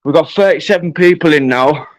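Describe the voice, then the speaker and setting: A man's voice: fairly high pitch, brisk, no echo, poor audio. A British man ranting on a livestream, confrontational and swearing heavily. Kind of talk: angry livestream rant.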